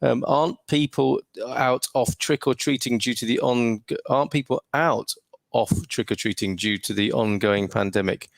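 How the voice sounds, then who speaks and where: A man's voice: medium pitch, normal speed, gravelly, no room sound. A man from the UK hosting a casual livestream from his home studio, greeting viewers and chatting with many hesitations. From United Kingdom. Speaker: livestream host. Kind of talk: casual livestream chat reading viewer comments.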